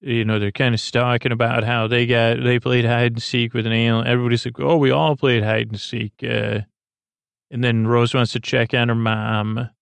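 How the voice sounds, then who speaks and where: Man, gravelly voice, mid pitch, meandering bedtime retelling, lots of ums and restarts, dry close sound. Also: flat delivery, dry recording. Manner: low-key, unhurried. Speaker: podcast host. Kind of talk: rambling bedtime retelling of a TV episode.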